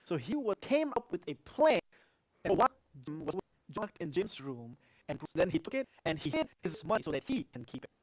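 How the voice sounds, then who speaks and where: Male pastor, higher voice, lively sermon storyteller. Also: moderate pace. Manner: animated, swings between loud and hushed.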